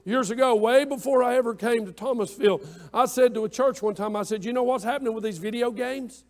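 A man's voice: very high-pitched, fairly quick. A man preaching a fervent sermon, calling out to his congregation and pressing his points with emphasis.

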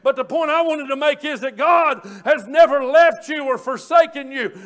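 A man with a strikingly high voice preaches a fervent sermon. He builds his points through repetition and often lifts into hollering. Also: normal speed, a bit bright. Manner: repeats and restarts phrases for emphasis.

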